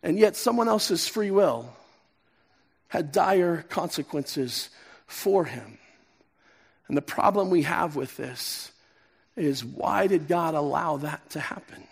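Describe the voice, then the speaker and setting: A middle-aged male pastor preaching a sermon, swinging from emphatic peaks down to soft, quiet passages. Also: fairly high pitch, animated, slow pace, creaky, pauses often, breathy edge. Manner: impassioned, rising to emphatic peaks then dropping soft. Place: church sanctuary.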